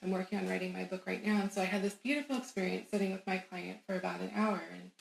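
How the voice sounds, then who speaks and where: A woman guest on an interview show, telling a personal story in an animated, emphatic way and laughing often. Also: medium pitch, fast, gravelly, a little hiss or hum. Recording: roomy echo.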